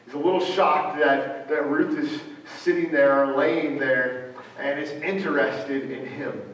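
A man preaching a sermon, halting, with frequent fillers and restarts. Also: a little high, fairly even intonation, a bit bright. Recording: echoey hall from far off, faint ambient noise.

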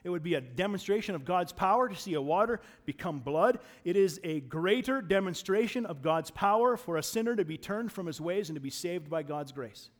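Male preacher, fairly high voice, chatty sermon delivery, swings between loud emphasis and soft asides. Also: animated, fairly quick, few pauses. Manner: conversational, repeats words when restarting.

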